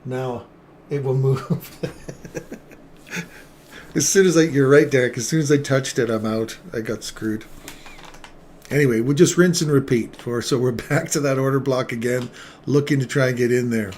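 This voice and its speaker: Middle-aged male trader, mid-range voice, excitable live commentary with a self-mocking streak. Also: mid-range voice, normal speed, a little hiss or hum.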